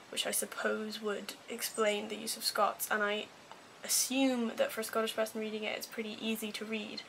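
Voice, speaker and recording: A woman's voice: mid-range voice, gravelly, a bit bright, a little hiss or hum, rough recording. A woman with a posh English accent giving a chatty, wry, self-deprecating book review. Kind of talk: casual book review vlog.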